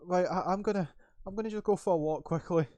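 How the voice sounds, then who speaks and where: A man's voice: quick pace, dark tone, no echo, lightly acted. A man voicing a frightened, stammering young male cave guard in a tabletop game. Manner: panicky, stammering, high and shrill.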